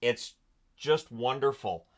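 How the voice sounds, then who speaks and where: A man's voice: mid-range voice, slow. A man hosting a casual history vlog, telling the story in a sarcastic, amused way with lots of filler words. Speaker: hockey history channel host.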